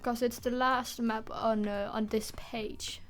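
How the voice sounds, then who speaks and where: A woman's voice: a little high, little pitch movement, slow, soft background music. A young woman from Denmark, giving exasperated, swearing commentary while she streams a game. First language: Danish. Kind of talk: live gameplay commentary.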